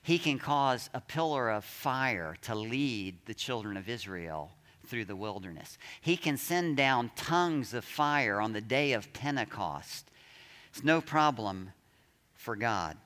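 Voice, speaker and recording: Male pastor, dramatic sermon delivery, lively and unhurried, bright tone, echoing sanctuary. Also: mid-range voice. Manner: dramatic, reads scripture aloud and acts out shouts.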